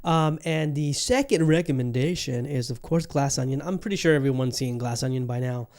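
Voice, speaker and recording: A male podcast host talking on his own in a loose, casual way. He rants with animated disbelief, swears freely, and keeps circling back to the same point while he tries to calm himself. His pitch sits in the middle. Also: fairly quick. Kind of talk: casual solo podcast talk. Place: Bangkok, Thailand.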